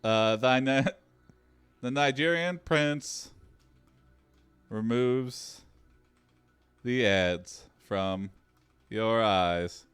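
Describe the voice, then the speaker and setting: A man's voice: mid-range voice, extremely slow, long pauses, a bit bright, smooth, soft background music. A man co-hosting a casual podcast who reads out an improvised story with plenty of laughter. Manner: laughs a lot, reads story lines in a plain voice. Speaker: podcast co-host reading an AI story.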